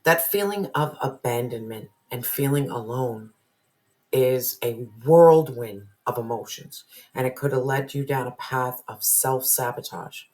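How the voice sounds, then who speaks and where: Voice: medium pitch, animated, measured pace, a little mellow. An intense tarot reader delivering a heartfelt spiritual reading. They hammer points home by repeating lines and sometimes sink into a whisper, with the odd curse word slipping out. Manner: emphatic, repeats phrases, drops to whispers, swears.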